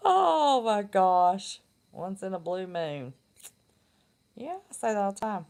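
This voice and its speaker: Gravelly, laughing woman. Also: mid-range voice, animated, slow pace, pauses often, a little mellow. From West Virginia. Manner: chatty, laughs often, blunt. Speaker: live-stream host. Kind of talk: casual live-stream chat.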